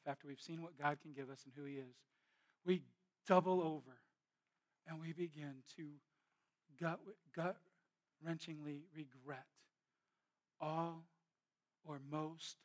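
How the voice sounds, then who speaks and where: A man in his thirties preaching a sermon, moving between hushed, intimate storytelling and loud, impassioned exhortation. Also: on the high side. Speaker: pastor.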